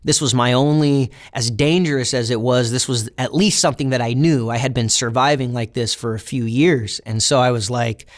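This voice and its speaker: A man's voice: medium pitch, moderate pace, few pauses. Man casually retelling a prison memory. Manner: casual, reflective retelling with acted quotes of other inmates. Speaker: interview guest. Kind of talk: storytelling in an interview.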